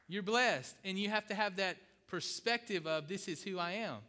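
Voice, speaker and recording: A middle-aged male pastor delivers a sermon in a bright, forceful voice pitched a little high. He hammers home repeated phrases and keeps asking his listeners questions. The recording carries the long reverb of a large church hall. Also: big pitch swings, normal speed, hardly any pauses. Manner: emphatic, repeats key phrases, asks the congregation questions.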